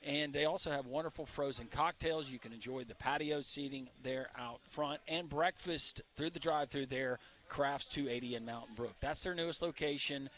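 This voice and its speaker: A man's voice: mid-range voice, moderate pace, few pauses, fairly bright tone. A man hosting a live sports radio show, reading an ad in an upbeat, salesy way, broadcasting from a restaurant. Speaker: radio host. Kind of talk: live radio ad read and banter.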